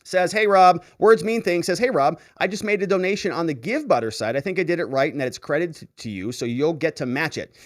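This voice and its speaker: A man hosts a casual livestream, reading viewer comments aloud and laughing often. His voice sits a little high and moves with very lively swings in pitch. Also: a little fast, hardly any pauses. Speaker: show host reading live chat.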